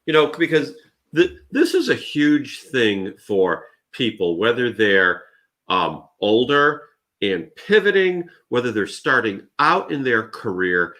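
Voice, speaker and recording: Male interview host, unhurried with a lively up-and-down pitch. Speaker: podcast host.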